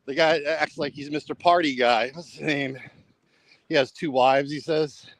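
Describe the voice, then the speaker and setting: A man's voice: fairly high pitch, steady tone, normal speed, dry recording, low-quality recording. A man rambling casually for a travel vlog while walking along a road at night, repeating himself and saying "bro" a lot. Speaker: travel vlogger.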